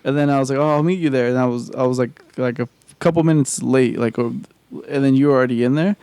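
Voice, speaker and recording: A man's voice: mid-range voice, steady tone, fast talker, mellow, smooth, no room sound. A man co-hosting a podcast in casual chat, a laid-back storyteller who swears a lot and laughs often. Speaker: podcast co-host. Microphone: studio mic.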